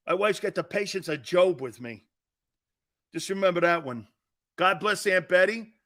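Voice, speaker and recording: A man hosting a sports talk show, ranting loosely and acting out his own stories with brash, animated energy. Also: high-pitched. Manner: brash, animated storyteller, acts out dialogue. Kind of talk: loose sports radio rant.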